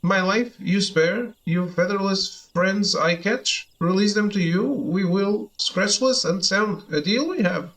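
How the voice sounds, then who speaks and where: A man's voice: high voice, slow, few pauses, fairly bright tone, poor audio. Man voicing a squawking, groveling bird-man. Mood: pleading. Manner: squawks, inverted word order, pleading. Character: cowardly male bird-man beast, fawning and sly. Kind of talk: reading game dialogue aloud.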